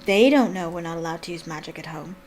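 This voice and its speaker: A woman's voice: lowish voice, fast, a little mellow, voice pushed down, lightly acted. A woman reading the lines of an eleven-year-old boy wizard in her own plain voice. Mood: wry.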